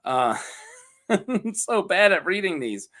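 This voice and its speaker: A man's voice: sits high, big pitch swings, takes it slowly, a bit bright. A man casually recapping a TV episode from a script, joking and laughing often, with lots of ums. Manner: giggly and joking, full of ums and asides. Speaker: TV show reviewer.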